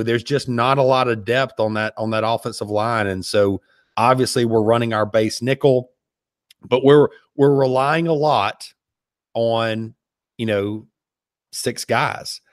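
A man's voice: mid-range voice, fairly even intonation, unhurried, dry recording, studio quality. Hesitant man analyzing football. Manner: hesitant, many fillers like "you know". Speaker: podcast co-host. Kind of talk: casual sports podcast analysis.

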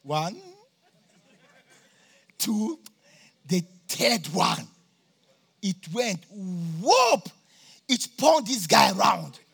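Jovial preacher man with a husky, gravelly voice. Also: high voice, wildly swooping pitch, extremely slow, pauses often. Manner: jovial, laughs often, bursts into shouts. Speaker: pastor. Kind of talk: sermon. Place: church campmeeting.

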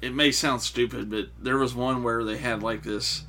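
A man on a podcast, telling a story hesitantly with halting restarts. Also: medium pitch, fairly even intonation, pushed and bright, a little hiss or hum. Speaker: podcast co-host. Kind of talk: casual chat.

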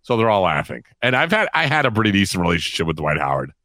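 A middle-aged man tells a story in a casual, animated way. He laughs as he talks and acts out the lines of the people in it. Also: deep voice, fast talker, no echo. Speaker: guest storyteller.

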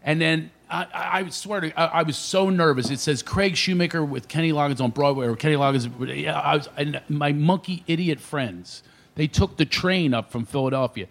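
A comedian guest telling stories on a radio show, full of energy and loud impressions of his friends. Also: a little high, normal speed, vocal fry. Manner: animated storyteller, shouts impressions of friends. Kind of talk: casual radio chat, storytelling.

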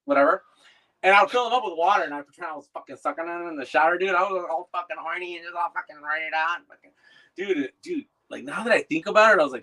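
A man in casual chat as an interviewer, rambling, profane and animated. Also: fairly high pitch, fast talker, rough recording.

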